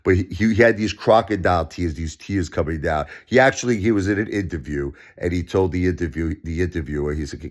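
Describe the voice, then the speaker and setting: A man delivering a ranting vlog commentary, impassioned and emphatic, repeating himself and swinging up into shouts. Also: sits low, fairly quick, few pauses. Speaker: vlogger.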